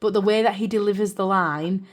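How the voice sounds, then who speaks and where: A young British woman chatting casually as she films a vlog about her journal, rambling with fillers and quick apologies, recorded on a camera on a desk stand. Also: mid-range voice, fairly even intonation. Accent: British English. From United Kingdom. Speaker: journaling vlogger. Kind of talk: casual chat. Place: craft room indoors.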